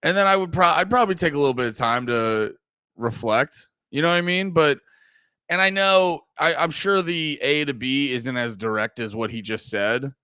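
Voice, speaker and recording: Profane rambling young man, smooth voice. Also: on the high side, moderate pace, bright, forceful tone, no room sound, studio quality. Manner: profane, rambling, self-interrupting, laughs often. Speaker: podcast host. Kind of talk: casual rambling chat.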